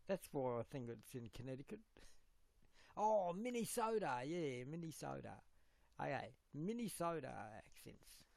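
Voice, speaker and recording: A man chatting casually on a livestream, rambling and halting as he corrects himself. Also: on the high side, expressive, creaky, darkish tone, no echo.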